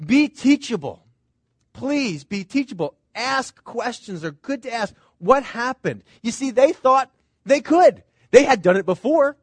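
High-voiced man preaching a sermon. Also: animated, measured pace, no room sound. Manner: earnest, conversational preaching with rhetorical questions. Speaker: pastor.

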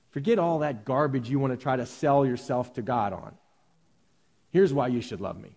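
A man pastor preaching a sermon, animated, swinging from loud cries to hushed tones. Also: on the high side, normal speed, pauses often. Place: church sanctuary. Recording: long reverb of a large hall.

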